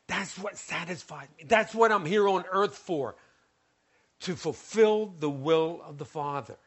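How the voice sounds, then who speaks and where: Animated male preacher, high voice. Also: measured pace. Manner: storytelling, acts out scenes, animated. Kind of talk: sermon.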